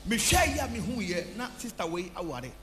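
A man preaching as a prophet, shouting and half-singing his lines, mixing in testimony from the congregation. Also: high-pitched, sing-song, brisk, over music. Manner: shouting, sing-song preaching, switches between Twi and English. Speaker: prophet leading a church service. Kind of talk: charismatic sermon with testimony. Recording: echoey church hall with background hum.

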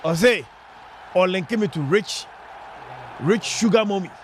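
A man giving excited live football commentary on radio, with bursts of shouting. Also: unhurried, background noise. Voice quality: high-pitched, shouting bursts, mixing languages.

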